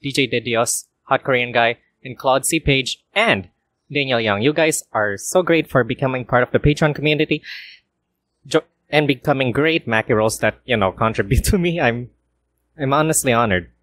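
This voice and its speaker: A man with a worn-out, hoarse voice casually reading a visual novel aloud for a let's play, with apologetic asides. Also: mid-range voice, moderate pace, fairly bright tone. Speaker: gaming YouTuber.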